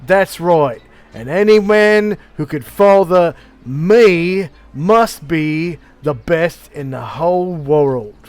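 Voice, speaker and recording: A man's voice: on the high side, animated, takes it slowly, a little mellow. A man putting on a cheeky little village boy. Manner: boastful, teasing, sing-song. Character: cheeky young village boy, blacksmith's son.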